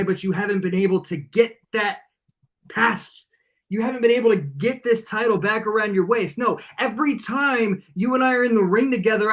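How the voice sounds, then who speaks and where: A man, a wrestling guest, delivering a cocky, taunting promo that sinks into low menace. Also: a bit bright.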